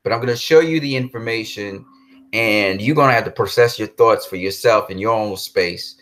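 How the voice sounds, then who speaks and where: A man's voice: lowish voice, moderate pace, a bit bright. A man hosting a live stream in a casual, heated way. He repeats himself, talks straight to his viewers and reads out and answers their chat comments. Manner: heated and repetitive, addresses viewers directly.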